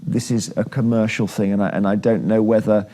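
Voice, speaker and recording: A man's voice: fairly low pitch, fairly even intonation, brisk, warm tone. A man hosting a TV panel chat, leading the talk in a chatty, jokey way. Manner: chatty, jokey, leads the discussion. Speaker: TV talk show host.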